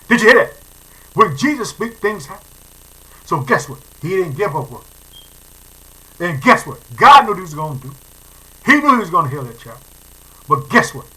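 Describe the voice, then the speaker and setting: Fervent high-voiced bright male preacher. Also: low-quality recording. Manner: fervent, repeats phrases, calls listeners family. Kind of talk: sermon reading and preaching.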